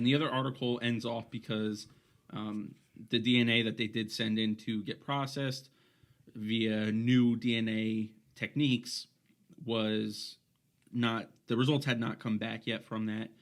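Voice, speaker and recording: A man's voice: medium pitch, steady tone, unhurried, fairly bright tone. A man co-hosting a casual podcast, rambling through his points with many restarts and fillers. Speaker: podcast co-host.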